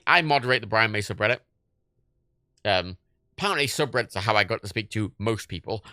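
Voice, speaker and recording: A man's voice: on the low side, vocal fry, no room sound, studio quality. A man in his late twenties, hosting a livestream, telling stories in casual chat with lots of swearing and laughter. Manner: animated storytelling, swears a lot, laughs often. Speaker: livestream host.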